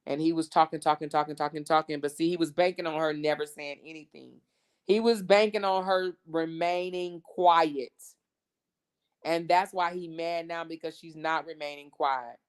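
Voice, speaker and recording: A woman's voice: low-pitched, level tone, a little fast, few pauses, clear, resonant tone. A woman hosting a show, giving chatty commentary and repeating words for effect. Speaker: host. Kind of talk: casual commentary.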